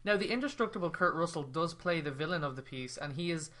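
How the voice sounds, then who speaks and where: A man's voice: fairly high pitch, expressive, fast, a loud crowd. A man co-hosting a casual film review podcast, rambling and joking as he retells scenes. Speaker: podcast co-host.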